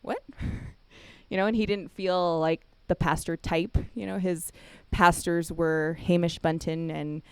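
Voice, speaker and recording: A woman giving a chapel talk, telling a family story with lively storytelling and acted-out quotes. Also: lowish voice, slow, smooth, dry recording. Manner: animated storytelling, acts out quotes, laughs often. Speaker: chapel speaker.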